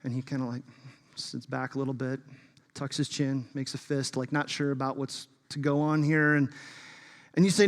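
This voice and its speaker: A man preaching a sermon as pastor, emphatic and shifting between loud bursts and hushed asides. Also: mid-range voice, level tone, normal speed. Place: church sanctuary. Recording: long reverb of a large hall.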